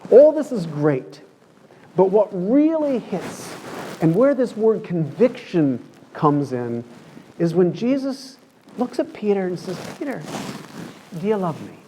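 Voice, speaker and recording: A man's voice: high voice, sing-song, slow pace, warm tone, slight background noise. A man preaching a conversational sermon in a church, telling the story in a chatty way and acting out the quoted lines.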